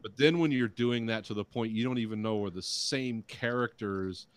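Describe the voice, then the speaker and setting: A man's voice: fairly low pitch, normal speed, slight background noise. A middle-aged man on a podcast, ranting in casual chat and swearing freely while he mocks what he dislikes. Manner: ranting, profane, mocking quotes. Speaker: podcast co-host.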